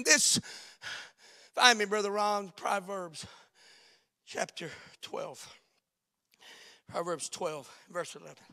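A male preacher with a very high, gravelly voice and a bright, forceful edge. He preaches in surges, shouting one moment and dropping to a hushed near-whisper the next. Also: lively intonation, slow pace, long pauses, in a large hall. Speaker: pastor. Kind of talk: sermon.

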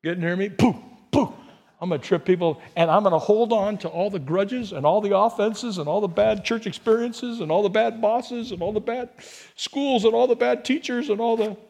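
A middle-aged male pastor with a high-pitched voice delivers a sermon built on personal stories. He talks conversationally, with loud, emphatic bursts that drop into soft, hushed asides. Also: fairly quick, creaky.

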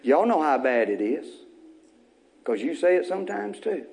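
A man's voice: a little high, very animated, normal speed, gravelly, long pauses, a little mellow. A male pastor preaching a sermon, repeating phrases and rising into emphatic bursts.

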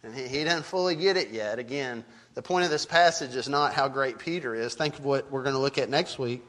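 A man's voice: mid-range voice, fairly quick, fairly bright tone. A middle-aged man preaching a sermon as pastor, earnest and emphatic, often repeating a word as he starts a sentence.

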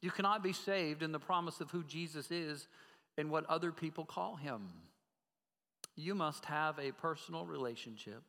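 A man's voice: a little high, normal speed, bright, forceful tone, in a large hall. A man preaching a sermon as pastor, earnestly asking the congregation direct questions.

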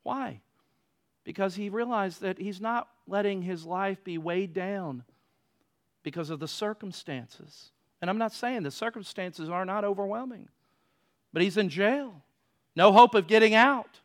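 A man preaching a sermon, moving between loud emphatic passages and quiet, low stretches. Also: measured pace. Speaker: pastor.

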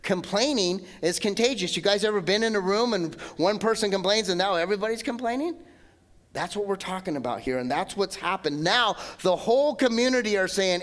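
A man preaching a sermon as pastor, animated and acting out the voices of complainers. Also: high voice. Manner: hushed, slow prayer.

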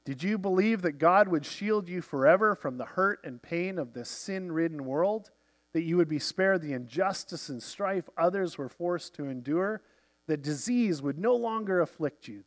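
Male first-person novel narrator, a touch high-pitched; measured, reflective read. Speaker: audiobook narrator.

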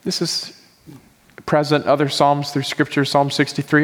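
A man's voice: fairly high pitch, level tone, normal speed. A man preaching as a pastor, earnest and pleading, his voice rising in heartfelt prayerful passages. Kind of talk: sermon. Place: church sanctuary. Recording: hall reverb.

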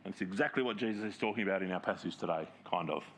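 A man preaching a sermon in a conversational way, often checking in with the congregation and reading scripture aloud slowly with emphasis. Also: deep voice, fairly bright tone, slight background noise. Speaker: pastor.

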